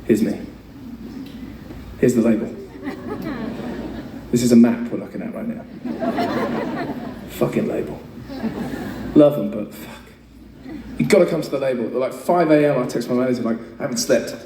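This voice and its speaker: A man's voice: mid-range voice, normal speed, pauses often, noisy background. A man in his thirties telling a chatty, self-mocking story on stage between songs, swearing freely, to a concert audience. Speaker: singer performing live. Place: large concert venue, in front of an audience. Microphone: stage mic through a PA. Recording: echoey, distant audience recording with loud ambience.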